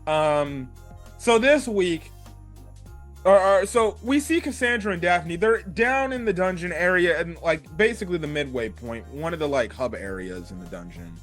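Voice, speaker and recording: A young man giving a casual, excitable anime review, laughing and using slang as he retells scenes. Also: on the high side, normal speed, soft background music.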